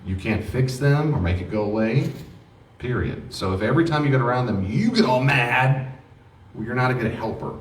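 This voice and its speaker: A man's voice: mid-range voice, expressive, fairly quick. A man teaching a class on grief, speaking earnestly and acting out short exchanges as examples. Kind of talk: classroom lecture with role-play examples. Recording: echoey room, mic far off, faint noise.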